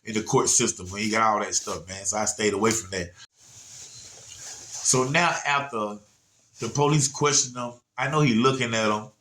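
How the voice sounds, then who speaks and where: A man's voice: fairly low pitch, moderate pace, sharp tone, slight background noise. A man telling a story casually to viewers, rambling and laid-back, often checking in with "you know what I'm saying". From Atlanta area, USA.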